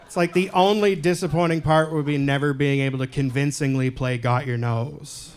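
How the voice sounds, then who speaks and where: A male stand-up comedian from Canada doing a set in a comedy club, deadpan and self-deprecating, with loud punchlines. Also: on the high side, moderate pace, smooth.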